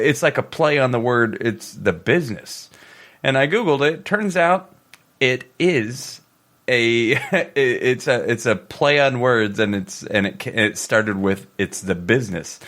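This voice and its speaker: A man co-hosting a podcast in casual chat, halting and stammering, with many restarts. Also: medium pitch, a bit bright. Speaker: podcast co-host.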